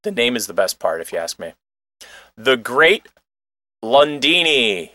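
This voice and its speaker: A man's voice: fairly low pitch, very animated, normal speed, bright, forceful tone, no echo. A man co-hosting a casual online show, reacting to clips with wry jokes. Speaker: podcast co-host. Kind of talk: casual chat.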